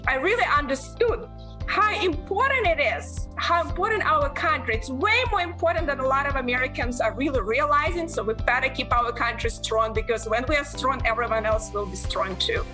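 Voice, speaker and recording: A woman in her forties answering interview questions earnestly, often halting and restarting her sentences. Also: sits high, lively intonation, bright, forceful tone, soft background music. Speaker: guest, member of Congress.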